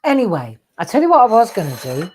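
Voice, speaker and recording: A woman's voice: mid-range voice, very animated, quick pace, background noise. An older woman, a craft show host chatting casually and rambling to viewers during a livestream.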